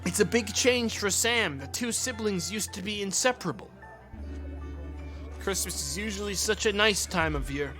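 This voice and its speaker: Man, game streamer, casual profane commentary, high voice, faint music behind. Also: normal speed. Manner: profane, ranting, reads narration aloud. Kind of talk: casual let's play commentary.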